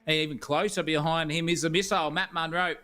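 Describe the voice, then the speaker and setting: A man's voice: fairly high pitch, fairly even intonation, fast talker, bright, forceful tone. A man with an Australian accent doing live sim racing co-commentary, chatty and jokey with a rambling flow.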